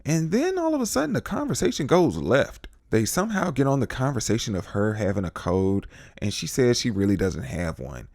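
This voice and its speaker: A man's voice: mid-range voice, a little fast, creaky, dry recording, clean studio sound. A man from the United States casually recapping a TV episode, animatedly acting out the characters' lines in different voices. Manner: animated, acts out quotes in voices. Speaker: TV recap host.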